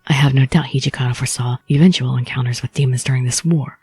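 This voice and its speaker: A woman voicing a reserved young male swordsman in a low, flat, formal manner. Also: fast, slightly rough, faint music behind, exaggerated voice. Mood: stern, reserved.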